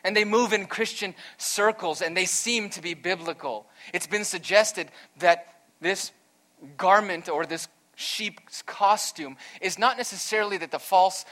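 A pastor preaching an earnest, emphatic sermon, weaving in a storytelling aside. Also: male voice, high voice, measured pace, pushed and bright.

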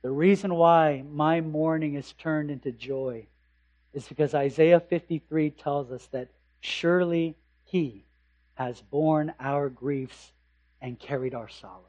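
Male pastor, high-pitched, slow and deliberate sermon delivery, impassioned with hushed drops. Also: muffled recording. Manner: impassioned preaching, rising to loud emphasis and dropping to hushed tones.

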